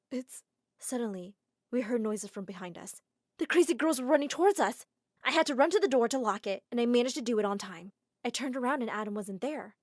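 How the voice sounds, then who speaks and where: Expressive woman narrating an animated drama. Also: on the high side, dry recording, clean studio sound. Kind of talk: first-person animated story narration.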